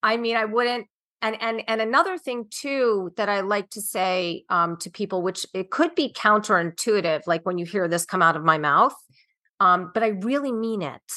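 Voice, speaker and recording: A woman's voice: medium pitch, moderate pace, bright, forceful tone. A woman nutritionist speaking earnestly as a podcast guest, emphatic and dotted with "um" fillers. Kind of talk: podcast interview.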